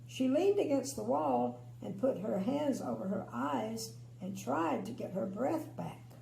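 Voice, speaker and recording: An older grandmother reads a bedtime story slowly and expressively, with chatty asides. Her voice is mellow and a little gravelly, with a lively melody. The room sounds echoey, with a faint hum. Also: fairly high pitch.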